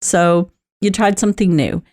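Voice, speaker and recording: Middle-aged woman, low-pitched, sharing personal stories in a candid, conversational way. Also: normal speed, darkish tone. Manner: candid, conversational, laughs often, many fillers. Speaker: talk host. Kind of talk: personal talk on positive mindset.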